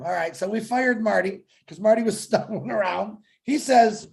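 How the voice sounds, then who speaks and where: A man hosting a promotional webinar, telling stories in a jokey, animated way. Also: high voice, normal speed, creaky, few pauses. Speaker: webinar host. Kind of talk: casual promotional webinar chat.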